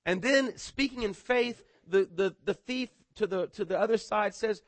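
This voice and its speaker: A man's voice: high voice, normal speed, few pauses, dry recording. A middle-aged man preaching a sermon in a conversational way, often stumbling over repeated words and asking "right?". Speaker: pastor.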